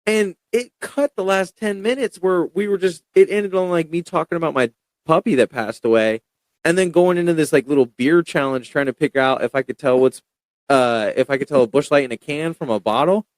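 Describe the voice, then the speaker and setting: A young man chatting casually as a podcast guest, telling stories in a rambling, animated way with lots of fillers. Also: fairly high pitch, brisk, dry recording. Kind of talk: casual chat.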